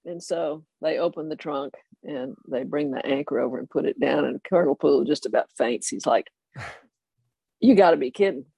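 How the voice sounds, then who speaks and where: An older person telling a family story in a lively way, often laughing and acting out the others. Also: mid-range voice, fairly quick, gravelly, slightly rough, no room sound. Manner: animated, laughing anecdote telling. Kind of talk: oral history storytelling.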